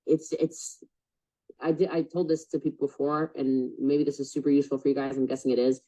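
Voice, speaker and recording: A woman's voice: rumbling low, level tone, brisk, warm tone. A woman coaching a group on a call, chatty and blunt with lots of fillers. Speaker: business coach. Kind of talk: casual coaching call talk. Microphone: video call. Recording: dull lo-fi call audio.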